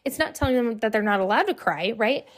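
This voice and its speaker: A woman's voice: a little high, expressive, fast. Chatty young woman hosting a podcast. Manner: chatty, lots of "right?" and "like" fillers. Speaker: podcast host. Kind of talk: casual solo podcast talk.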